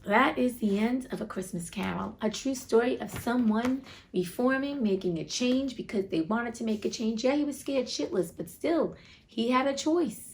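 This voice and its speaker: A woman's voice: a little high, moderate pace, creaky, slight background noise. A woman hosting a read-aloud of a classic book, chatty and blunt, with casual asides between passages. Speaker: host reading classic books aloud.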